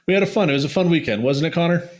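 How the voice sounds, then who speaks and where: A man's voice: on the high side, lively intonation, rapid-fire. A man co-hosting a podcast in casual chat, laughing often and steering the talk back on track. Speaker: podcast co-host.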